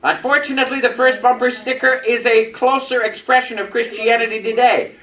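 A crowd can be heard behind a pastor whose very high voice keeps a level tone and moves a little fast. He preaches in a church sanctuary, recounting a personal story and leading call-and-response, captured in a dull, echoey, distant recording.

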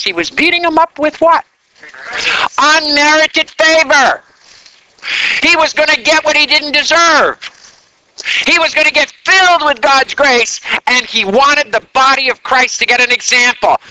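A man preaching a sermon in an animated way, drawing call-and-response answers from the congregation. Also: very high-pitched, unhurried, poor audio.

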